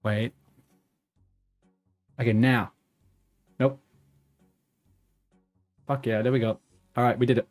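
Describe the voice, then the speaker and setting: A man's voice: medium pitch, fairly even intonation, slow pace, long pauses, darkish tone, soft background music. Man muttering live game commentary. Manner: mutters to himself, swears when frustrated. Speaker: streamer.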